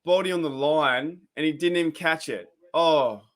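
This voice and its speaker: An Australian man chats casually and rambles while hosting a live sports reaction stream, growing excited at the plays. His voice is a little high and his speed normal.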